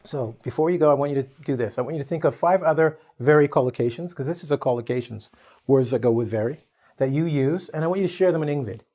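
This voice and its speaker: A man's voice: on the high side, fast talker, warm tone. A man from Canada teaching an online English lesson, playful and acting out exaggerated quotes.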